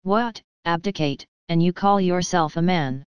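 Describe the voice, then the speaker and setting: A woman reading the lines of a domineering, scolding comic queen in her own low, very smooth voice. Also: unhurried, dry recording, close to an everyday voice. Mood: imperious. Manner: imperious, scolding. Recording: dry, slightly dull lo-fi.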